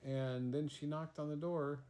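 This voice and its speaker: A man telling an improvised bedtime story in a slow, rambling, casual way. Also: a little high, fairly even intonation, warm tone.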